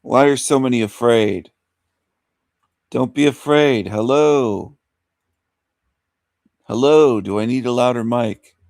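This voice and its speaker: A man's voice: medium pitch, measured pace, a little mellow, no room sound, studio quality. A man hosting a live stream in casual chat, repeating his greetings over and over and coaxing silent viewers to speak up. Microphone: desk mic.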